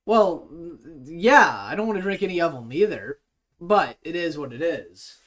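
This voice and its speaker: Young guy, casual stream co-host, lively slightly high voice, hiccuping. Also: normal speed. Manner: joking, animated, hiccuping. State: full and hiccuping.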